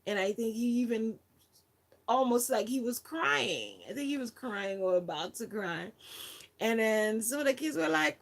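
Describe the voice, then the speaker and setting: A woman's voice: a little high, animated, normal speed, vocal fry. A woman volunteer telling a personal story in a casual, chatty way, with lots of fillers. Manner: chatty, many fillers, acts out quotes.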